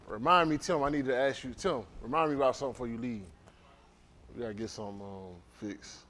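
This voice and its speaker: This congregation leader talks fast in a mid-range voice, bantering casually and telling teasing stories ahead of the service. He's animated, the setting is an indoor hall, and there's slight background noise.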